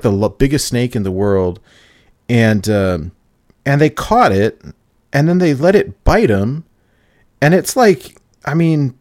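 A man casually telling a long story on a podcast, excited and laughing as he goes, often acting out quotes. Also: mid-range voice, no room sound, clean studio sound. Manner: animated storytelling, laughs, mimics people in quotes. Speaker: podcast host.

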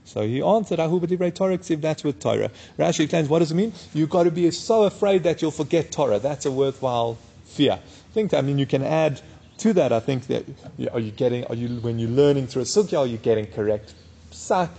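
A man teaches a daily Talmud class, reading each Aramaic line and then unpacking it in plain English. He talks in a casual, unhurried way with plenty of fillers. His voice is slightly high for a man, with a dark, mellow color and a gravelly, husky texture. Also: animated. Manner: reads Aramaic text, then explains it in English. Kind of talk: daf yomi Talmud class.

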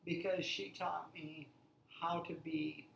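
A woman in her sixties, a lively storyteller who laughs often, chatting as a guest. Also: low voice, slow, gravelly, roomy sound, a little hiss or hum, poor audio. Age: 60s. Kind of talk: casual conversation.

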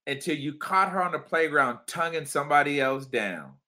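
A man co-hosting a casual podcast chat, teasing his co-host and asking probing questions between loud laughs. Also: on the high side, expressive, moderate pace.

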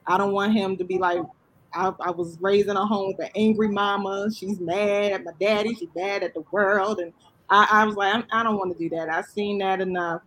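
A man's voice: high-pitched, fairly even intonation, brisk, bright, forceful tone, a little hiss or hum, rough recording. A man, a guest, telling a personal story in plain, earnest talk. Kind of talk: casual chat.

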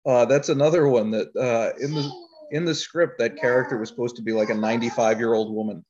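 A man's voice: medium pitch, fairly even intonation, quick pace, crowd noise. A man talking about his filmmaking in a casual interview, rambling, with frequent laughter. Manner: rambling storyteller, laughs often. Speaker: filmmaker guest. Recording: dull lo-fi audio.

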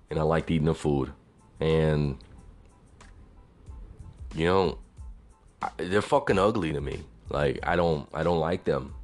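Deep-voiced young man ranting profanely. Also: a little mellow. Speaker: vlogger. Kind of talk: casual venting monologue.

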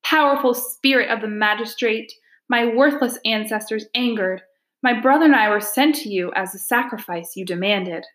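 A woman's voice: fairly high pitch, moderate pace, fairly bright tone, echoey room, pitched above the performer's own voice, close to an everyday voice. A woman doing a trembling little girl sacrifice. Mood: pleading. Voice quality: quivering, breathless pleading. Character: frightened little peasant girl, pleading and trembling.

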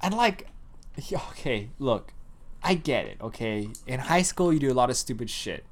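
A man's voice: mid-range voice, moderate pace. A man in his thirties co-hosting a casual podcast, telling stories with lots of swearing and acted-out quotes. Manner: animated storytelling, acts out quotes, swears a lot. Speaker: podcast co-host. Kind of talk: casual profane chat.

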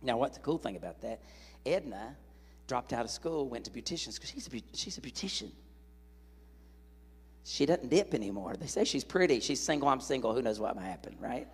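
A man's voice: medium pitch, breathy edge, long reverb tail. A middle-aged male evangelist preaching a sermon in a church, telling folksy stories and joking with the congregation. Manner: folksy, animated, jokes with the congregation. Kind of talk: sermon with storytelling.

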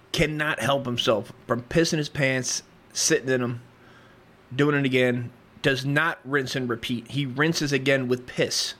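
A man's voice: medium pitch, fairly bright tone. A man hosting a comedy podcast, reading history aloud and riffing in a crude, rambling, profane way. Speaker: podcast host.

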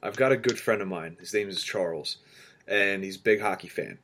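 A man's voice: low-pitched, fairly quick. A man co-hosting a casual sports podcast, who tells stories animatedly and acts out what people said. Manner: animated storyteller, acts out quotes. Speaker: podcast co-host.

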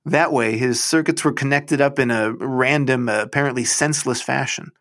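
A man's voice: mid-range voice, normal speed, a bit bright. A man reading a short story aloud in the first person, with a wry, understated delivery.

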